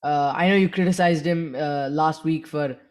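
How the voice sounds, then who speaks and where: A man's voice: on the high side, fairly even intonation, moderate pace, darkish tone. A man co-hosting a cricket podcast, talking in a rambling, hesitant way as he searches for words. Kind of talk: casual sports chat.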